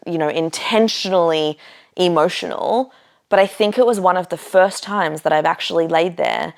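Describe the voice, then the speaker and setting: Low, gravelly-voiced woman telling a story. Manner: chatty, lots of filler "like" and "you know", swears casually. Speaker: podcast host. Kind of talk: casual personal storytelling.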